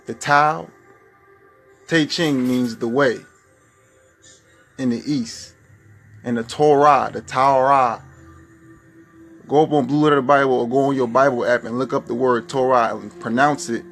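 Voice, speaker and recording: Male preacher, fervent rhetorical sermon, mid-pitched voice, faint music bed. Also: steady tone, moderate pace, long pauses. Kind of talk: spoken-word sermon over music.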